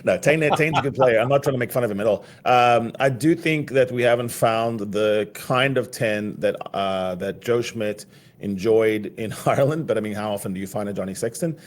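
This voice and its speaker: A man's voice: lowish voice, moderate pace. A man from South Africa with a South African accent tinged with American, co-hosting a casual podcast chat and joking and laughing often. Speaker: podcast co-host.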